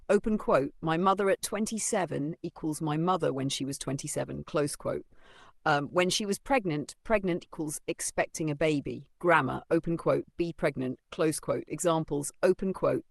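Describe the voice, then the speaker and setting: Methodical language teacher with a slightly gravelly voice, recorded dry. Defines terms and reads quote marks aloud. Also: mid-range voice, no echo. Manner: reads out punctuation like open quote and close quote; methodical, defines words and gives example phrases. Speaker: English teacher. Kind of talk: vocabulary and grammar lesson.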